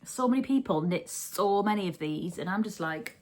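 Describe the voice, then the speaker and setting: A woman's voice: medium pitch, animated, moderate pace, hardly any pauses. A chatty woman talking at home as she hosts a knitting podcast. She rambles, restarts her sentences and corrects herself as she goes. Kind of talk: casual chat.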